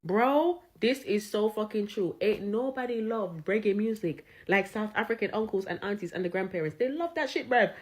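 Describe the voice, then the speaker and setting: A woman, reacting and telling stories in a casual, animated way, swearing and laughing. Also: medium pitch, normal speed, few pauses. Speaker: reaction video host.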